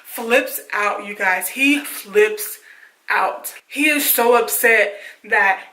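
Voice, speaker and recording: A woman vlogger telling a dramatic story casually, in an animated way with lots of fillers. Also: medium pitch, takes it slowly, echoey room, low-quality recording.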